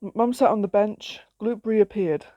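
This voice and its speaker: Mellow woman reading a story. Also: medium pitch, moderate pace, dry recording, muffled recording. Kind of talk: reading her own story aloud.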